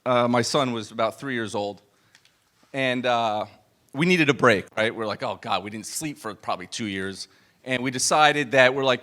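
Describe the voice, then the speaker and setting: A man's voice: medium pitch, normal speed. A man giving a live motivational talk to an event audience, telling a personal story in a conversational way, with restarts and acted-out quotes. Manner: animated and conversational, full of fillers and restarts, acts out quoted dialogue. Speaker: business coach speaking to an event audience.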